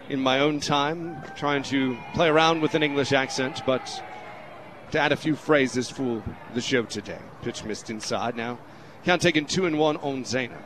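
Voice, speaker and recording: Announcer in a put-on English accent. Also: male voice, medium pitch. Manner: playful, mock-formal, self-mocking. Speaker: radio play-by-play announcer. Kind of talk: baseball play-by-play commentary. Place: radio broadcast booth.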